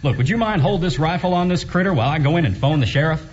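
An actor playing a genial 1920s farmer with an easygoing country drawl, in a radio drama. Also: male voice, fairly high pitch, lively intonation, quick pace, natural voice. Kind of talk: 1940s radio acting. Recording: dull lo-fi radio recording, faint hiss.

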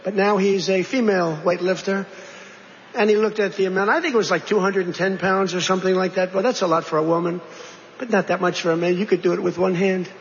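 A politician speaking to a crowd, rambling between topics with repeated phrases, asides and rhetorical questions. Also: male voice, high voice, fairly even intonation, fast talker. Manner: digressive, repetitive, conversational asides and rhetorical questions. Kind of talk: rambling campaign-style speech. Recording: dull, reverberant hall recording with faint noise.

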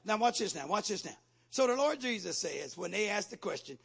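A male pastor preaching a sermon with call-and-response, building from steady teaching to shouted exhortation. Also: high voice, a little fast, gravelly, husky.

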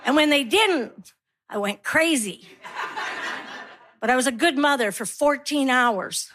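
High-voiced woman doing stand-up. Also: pushed and bright. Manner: wry storytelling, acts out quoted voices. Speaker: stand-up comedian. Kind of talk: stand-up comedy set.

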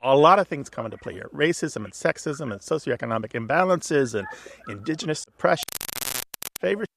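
A man co-hosting a radio call-in show, explaining language questions in a lively, chatty way. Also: a little high, fairly quick, gravelly, a little hiss or hum. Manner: explanatory, lively, chuckles often. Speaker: co-host answering language questions.

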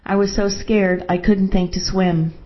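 A woman's voice: mid-range voice, flat delivery, unhurried, highs cut off, close to an everyday voice. A woman voicing a frightened wife just saved from the waves, speaking shakily. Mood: shaken. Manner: shaky, upset.

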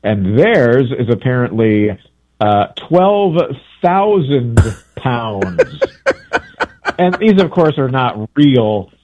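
A man's voice: medium pitch, big pitch swings, drawn-out words, a little mellow, slight background noise. Man on a tinny phone line. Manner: rambling, chatty, self-correcting. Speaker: travel book author, guest. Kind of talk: casual radio interview chat.

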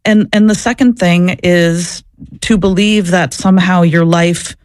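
Fairly low in pitch and a little mellow, this woman speaks unhurriedly with fairly even intonation, and the recording has no room sound. As an interview guest who used to work at an abortion clinic, she tells personal stories in a candid, reflective way, often circling back to repeat words or restart a thought.

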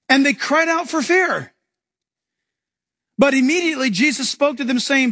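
A man preaching a sermon as pastor, animated and acting out scenes for his congregation. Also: very high voice, normal speed, husky, no room sound, clean studio sound.

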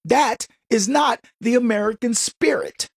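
A man's voice: very high-pitched, unhurried, creaky, breathy edge, dry recording, clean studio sound. A middle-aged man hosting a show, giving an opinionated, sarcastic and preachy monologue to listeners he calls folks. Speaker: political commentary host.

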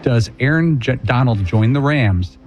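A man's voice: medium pitch, lively intonation, a little slow, a little mellow, muffled recording, soft background music. Dry-joking male radio co-host. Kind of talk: casual radio show banter.

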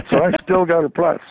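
A man's voice: sits high, vocal fry, darkish tone, no room sound. An older man, a former hockey trainer, telling folksy stories with frequent chuckles in an interview. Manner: chuckling, folksy anecdotal storytelling. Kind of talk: storytelling interview. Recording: dry tinny phone line.

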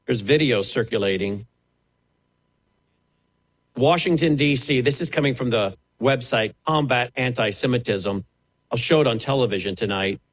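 A man's voice: medium pitch, moderate pace, pauses often, poor audio. A man preaching, fiery and emphatic, mocking the voices he quotes. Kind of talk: preaching sermon.

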